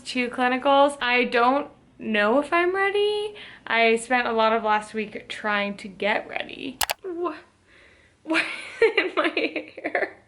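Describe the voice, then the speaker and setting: A woman's voice: a little high, a bit bright. A woman in her twenties, a nursing student, talking casually to camera in a chatty, upbeat vlog with lots of "like" fillers. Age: 20s.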